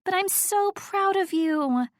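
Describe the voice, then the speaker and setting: A woman narrator brings out a bubbly, gushing young woman who squeals and insists on every bit of gossip. Her pitch jumps up high and lively. The audiobook sound is dry and close. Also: moderate pace, no echo, close to an everyday voice. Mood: excited. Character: excitable gushing young woman friend, fangirl.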